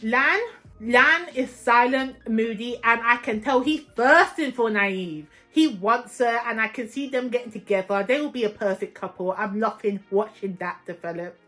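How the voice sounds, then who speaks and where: A young woman gives a casual, animated book-reading update, opinionated and playfully dramatic. Her voice is bright and sits fairly high, with faint music playing behind her. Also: normal speed. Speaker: book vlogger.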